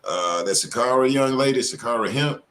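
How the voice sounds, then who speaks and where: A man's voice: medium pitch, moderate pace, crowd noise. A middle-aged man hosting a casual live stream, talking in a loose, slangy, profane and rambling way.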